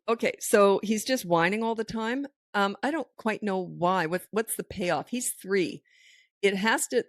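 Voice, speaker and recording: A woman's voice: lowish voice, no room sound. A middle-aged woman, a parenting coach and podcast host, answering listener questions in a firm, direct manner and acting out what parents should say, close to a studio microphone.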